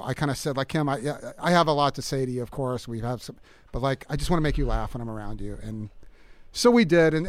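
A middle-aged man talking as a guest musician in a casual interview, halting with many fillers and restarts. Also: on the high side, clean tone, no echo.

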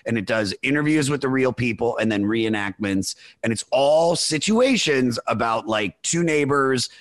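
Podcast host, male, mid pitch, eager and rambling, bone-dry booth sound. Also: normal speed, no room sound. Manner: excitable, rambling storyteller. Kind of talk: casual chat.

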